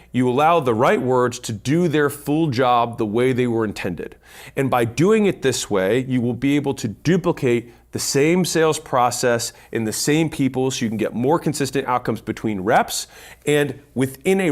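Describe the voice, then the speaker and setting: A man's voice: mid-range voice, animated, moderate pace. A man giving a blunt instructional talk on sales, counting points off and swearing casually. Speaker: business speaker teaching sales. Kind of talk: instructional monologue.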